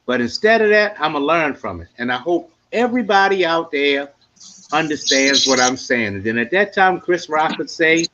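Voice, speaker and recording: A man's voice: on the high side, lively intonation, normal speed, sharp tone. A man hosting a live podcast panel, talking emphatically and preaching to the audience with sports comparisons. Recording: dull lo-fi sound.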